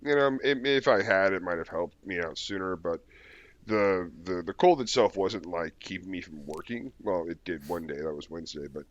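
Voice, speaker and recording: A man with a very deep voice chatting on a podcast. He rambles and restarts his sentences as he tells stories. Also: normal speed, lo-fi sound. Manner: rambling, hesitant. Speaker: podcast co-host. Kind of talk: casual chat.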